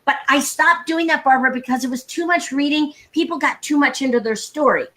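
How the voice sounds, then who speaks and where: A woman sales coach speaking live over a video call, brisk and emphatic, with frequent laughter and humor. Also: high voice, sharp tone. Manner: brisk, emphatic, laughs often, acts out dialogue. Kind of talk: energetic live talk with humor.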